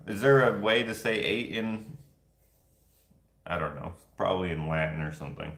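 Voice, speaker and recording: A man's voice: deep voice, normal speed, vocal fry, pauses often, fairly bright tone. A man vlogging and answering viewer questions in casual chat, rambling and jokey, laughing easily. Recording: echoey room.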